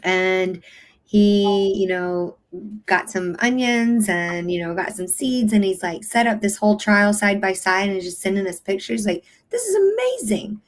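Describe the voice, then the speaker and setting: A woman at a middle pitch, a guest on a livestream chat. She tells stories with eager enthusiasm and open feeling, with many "ums" and restarts. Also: fairly even intonation, measured pace. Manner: enthusiastic storyteller, emotional. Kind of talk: casual livestream conversation.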